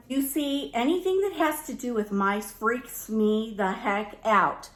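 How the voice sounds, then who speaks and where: High-voiced woman telling a story animatedly. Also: unhurried, few pauses. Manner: animated, acts out both sides of the story. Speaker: lifestyle vlogger. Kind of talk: casual storytelling to camera. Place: home room. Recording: echoey room.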